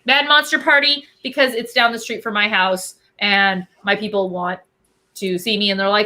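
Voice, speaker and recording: Bright, bubbly chatty woman. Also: medium pitch, steady tone, moderate pace. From Albuquerque. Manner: bubbly and chatty, answering viewer questions. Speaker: cosplayer guest. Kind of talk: casual chat.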